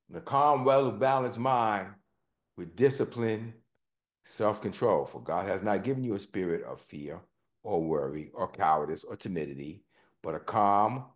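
Man preaching a sermon, folksy and rising. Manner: reads scripture slowly, then rises in pitch and force as he explains; informal, folksy phrasing.

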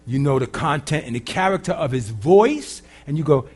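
A man preaching as a pastor, swinging from loud emphatic lines to quiet, casual, humorous asides. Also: mid-range voice, very animated, fast, slightly rough. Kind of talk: sermon.

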